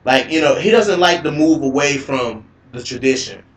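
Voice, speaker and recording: A man's voice: a little high, moderate pace, a little hiss or hum. Rambling man on an echoey live stream. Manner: rambling, repeats words, profane, excitable. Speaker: host of MMA talk show. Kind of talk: casual live-stream commentary.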